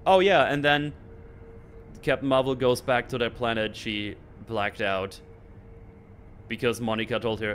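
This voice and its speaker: Male host, casual sarcastic rant, average pitch, faint background hum. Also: a little slow, long pauses. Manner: animated, sarcastic, mocking voices. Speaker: channel host. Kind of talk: casual ranting recap.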